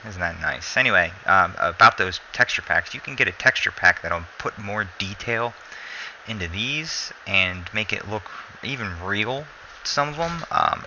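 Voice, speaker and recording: Sleepy male gameplay commentator, low and gravelly, meandering and self-correcting. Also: a little hiss or hum, rough recording. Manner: rambling, self-correcting, relaxed. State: sleepy, yawning.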